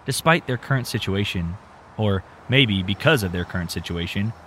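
A man narrates a story in a steady, measured way. His voice sits on the low side, with a faint hiss of background noise under the recording.

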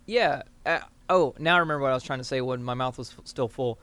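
A man's voice: medium pitch, quick pace, pushed and bright, clear, resonant tone, no echo. Rambling Southern man chatting. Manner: rambling, filler-heavy, laughs often. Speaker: podcast co-host. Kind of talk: casual chat.

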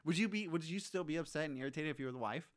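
A man's voice: on the high side, rapid-fire, dry recording, clean studio sound. A man chatting casually about a movie, swearing freely and giving his opinions. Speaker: podcast co-host. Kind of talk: casual chat, movie recap.

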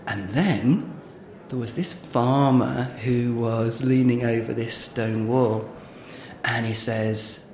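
Speaking slowly in a mid-range, slightly mellow voice, this podcast co-host acts out long jokes with theatrical flair and laughs along. It's playful sketch comedy and joke telling. The sound is roomy, with a faint background of noise.

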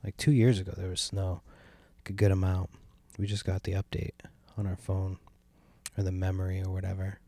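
A man's voice: sits low, level tone, a little fast, vocal fry, warm tone, no echo. A young adult man hosting a casual solo podcast, rambling and complaining with lots of swearing and a sardonic edge. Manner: profane, rambling, meandering. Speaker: podcast host. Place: sitting at home by a window.

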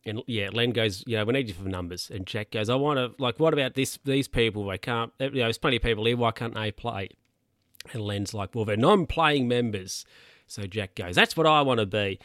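A man's voice: medium pitch, dry recording, studio quality. A man casually retelling a comedy episode, putting on voices for each character and laughing along. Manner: animated storytelling, acts out characters' lines in voices.

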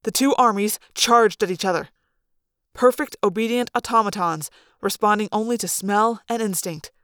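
A woman reading a first-person audiobook aloud in an expressive, dramatic way. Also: medium pitch, normal speed, smooth, no room sound, clean studio sound. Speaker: audiobook reader.

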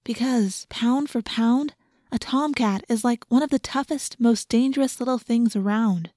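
Doleful teen girl, soft, cautious; woman reader. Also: a little high, measured pace, no echo, studio quality.

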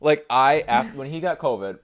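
A man's voice: medium pitch, normal speed. A young man co-hosting a podcast, chatting casually and telling crude, joking stories. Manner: crude, joking, animated storytelling. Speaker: podcast co-host. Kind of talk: casual chat.

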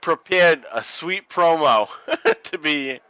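A man co-hosting a casual watch-along podcast, joking, profane and excitable. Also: on the high side, takes it slowly, clear, resonant tone, no room sound, rough recording. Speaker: podcast co-host.

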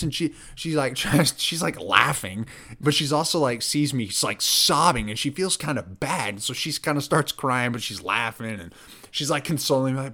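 A man hosting a podcast, telling a story in a rambling, animated way with lots of filler words. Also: medium pitch, moderate pace. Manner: rambling, animated, heavy use of "like". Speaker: podcast host. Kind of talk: casual storytelling chat.

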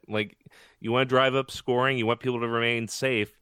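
A man's voice: mid-range voice, flat delivery, brisk, sharp tone, clear, resonant tone, no room sound, studio quality. A man co-hosting a sports podcast in casual chat, rambling and laughing often. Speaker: podcast co-host.

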